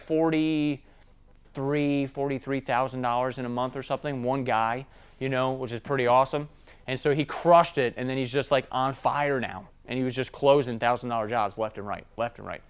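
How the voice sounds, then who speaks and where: A man's voice: medium pitch, clean tone. A man giving a casual sales training talk, telling stories and often checking in with tag questions. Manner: conversational storytelling, tag questions.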